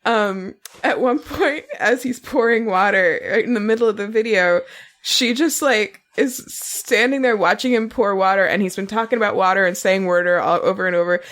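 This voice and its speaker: A woman's voice: medium pitch, moderate pace, a bit bright. A woman co-hosting a podcast, gushing and giggling as she chats casually. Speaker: podcast co-host. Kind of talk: casual chat.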